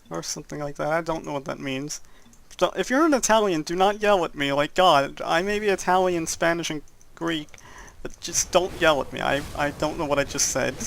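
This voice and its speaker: Young male gamer, rough-edged gravelly tone, chatty and jokey, casual let's-play commentary. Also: fairly high pitch, a little fast, fairly bright tone, a little hiss or hum. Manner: rambling, jokey, laughs at his own jokes. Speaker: gameplay commentator.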